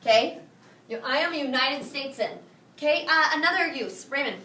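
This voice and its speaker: Woman, Spanish teacher, call-and-response drilling, clear bright voice, echoey classroom, distant camera. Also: high voice, animated, fairly quick. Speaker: high school Spanish teacher. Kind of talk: classroom review lesson.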